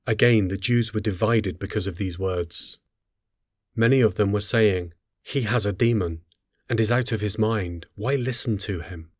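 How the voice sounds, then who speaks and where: A man reading scripture aloud in a solemn, measured, unhurried way. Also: fairly low pitch, dry recording, clean studio sound. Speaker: scripture reader.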